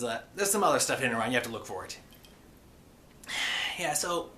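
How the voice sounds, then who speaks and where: Guy rambling thru a cartoon recap, lots of uhs, bright voice, tosses in a pirate arr. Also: medium pitch. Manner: rambling, with many fillers and a playful pirate growl. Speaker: cartoon episode reviewer. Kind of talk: casual episode recap.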